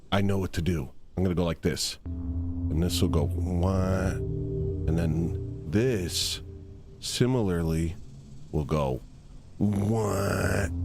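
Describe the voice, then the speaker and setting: A man hosting a livestream, rambling comically and mocking himself, with sudden jumps into high squeals and laughs. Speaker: livestream host. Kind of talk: rambling comedic livestream chat.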